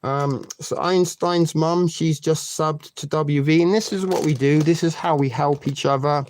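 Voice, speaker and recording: A man's voice: fairly high pitch, steady tone, a little slow, a little mellow. A man in his forties hosting a live stream, chatting casually and crudely joking with his viewers. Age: 40s. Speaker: livestream host.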